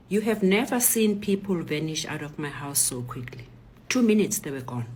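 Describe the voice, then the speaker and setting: A middle-aged woman with a South African accent telling a personal story, her soft, breathy delivery rising to urgent emphasis. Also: medium pitch, moderate pace, a little hiss or hum.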